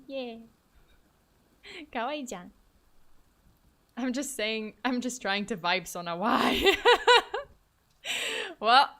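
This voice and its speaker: Bright, playful woman streamer. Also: on the high side. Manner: playful, mock-dramatic, laughs often. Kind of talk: casual livestream chat.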